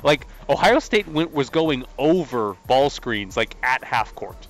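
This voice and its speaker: A man's voice: mid-range voice, expressive, measured pace. A man analyzing basketball on a sports talk show, explaining plays casually. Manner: explains plays conversationally, with fillers. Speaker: sports radio co-host and analyst.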